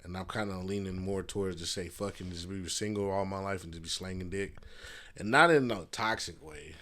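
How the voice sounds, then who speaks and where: A man's voice: low-pitched, brisk, fairly bright tone. A man hosting a casual solo podcast from a messy room at home, rambling loosely with fillers and swearing. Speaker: podcast host. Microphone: podcast mic.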